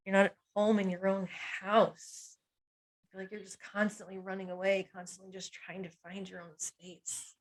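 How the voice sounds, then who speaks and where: A woman's voice: medium pitch, flat delivery, moderate pace, rough recording. Earnest woman listing feelings, light laughs. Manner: lists feelings one by one in short emphatic phrases, often laughing lightly; earnest and confiding, draws on her own life. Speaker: hypnotherapist teaching a masterclass. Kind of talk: personal teaching talk on emotional pain.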